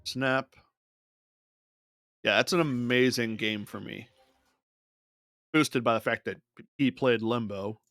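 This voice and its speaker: Slow and pausing often, a man with a mid-range, fairly bright voice casually narrates his digital card game as a streamer, muttering moves as he goes. The recording is dry and of studio quality.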